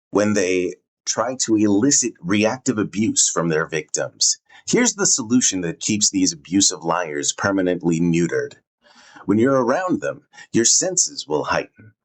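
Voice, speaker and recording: A man's voice: lowish voice, poor audio. A man giving scripted self-help narration in an earnest, emphatic manner.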